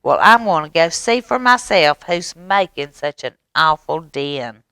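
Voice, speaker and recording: A woman putting on a nosy determined storybook possum, pushy and lifted, lively ups and downs. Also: sits low, a little slow, clear, resonant tone, no echo, heavily acted. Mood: demanding. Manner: demanding, raising voice. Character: curious, bold male possum.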